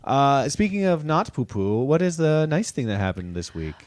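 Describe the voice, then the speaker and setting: Lively, animated man podcaster. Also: medium pitch, normal speed, no echo. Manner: animated storyteller, acts out reactions. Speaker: podcast co-host. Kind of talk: casual chat.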